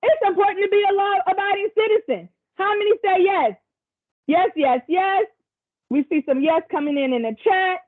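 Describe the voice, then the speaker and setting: Woman presenter on a video call, super high voice, chatty encouraging asides, tinny sound. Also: moderate pace. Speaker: workshop presenter. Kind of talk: facilitating a virtual workshop.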